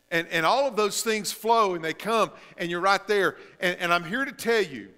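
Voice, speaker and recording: A male pastor preaching a sermon, shifting between emphatic stretches and hushed, drawn-out phrases. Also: high voice, big-room sound.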